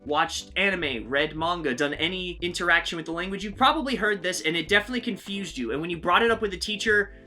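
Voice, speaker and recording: Man, young adult, bright voice, casual explainer, faint guitar music behind. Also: sits high, fast, hardly any pauses. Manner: chatty, playful, hedging asides. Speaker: language teacher and video host. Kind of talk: casual explanatory video talk.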